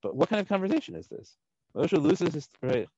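A man's voice: on the high side, big pitch swings, fairly quick, dark tone, dry recording, muffled recording. A man teaching a Torah text study, reading Hebrew verses aloud and translating them, with frequent "right?" checks.

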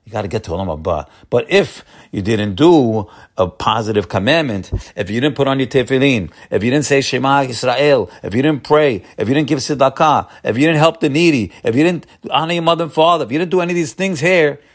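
A man's voice: medium pitch, lively intonation, a little fast, hardly any pauses. Folksy man giving a Torah talk. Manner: folksy, repeats key phrases, calls listeners "my friends"; hesitant restarts and stammered repetitions. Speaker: religious teacher.

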